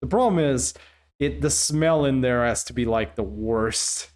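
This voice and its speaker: A man's voice: mid-range voice, unhurried, darkish tone. A man streaming a video game live, chatting casually, joking and laughing as he talks back to his viewers. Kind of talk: casual live gameplay commentary.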